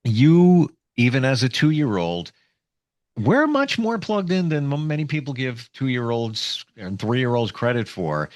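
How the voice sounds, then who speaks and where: A man hosts a podcast interview, thinking out loud before he puts a question to his guest. His pitch moves a lot while he talks. The recording is dry, with no room sound. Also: big pitch swings, measured pace, no room sound. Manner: reflective, asks questions, frequent affirming murmurs. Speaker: podcast host.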